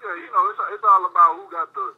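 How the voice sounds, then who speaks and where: A man's voice: high voice, fairly even intonation, very fast, slightly rough. A young man from Alabama with a Southern country accent, a musician guest talking in a laid-back, slangy way. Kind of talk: casual interview. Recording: tinny phone line.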